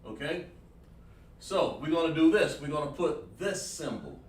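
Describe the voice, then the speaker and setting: This fairly high-pitched male instructor is animated yet unhurried as he runs a livestreamed language class. Repeated "okay, all right" check-ins and praise for students mark his patient manner. The recording is roomy and echoey, with his voice distant from the mic.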